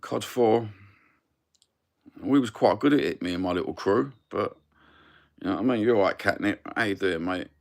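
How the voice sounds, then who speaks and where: A man with a broad Cockney accent rambles through a casual live-stream chat, cheeky and quick to swear. His voice sits low with a gravelly, rough edge. He sounds middle-aged. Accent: Cockney London. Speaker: livestream host.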